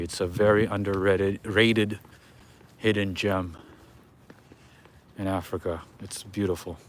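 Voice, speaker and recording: A man with a fairly low voice talks casually to his livestream viewers as he strolls a city street at night. He chuckles often and keeps up a loose, friendly commentary, with faint street noise behind him. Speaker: livestream host. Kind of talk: casual walking livestream chat.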